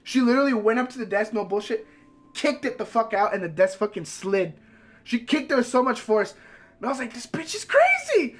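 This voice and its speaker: High-voiced male streamer, casual story, animated, curses nonstop. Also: brisk. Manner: animated, heavy swearing, filler-laden.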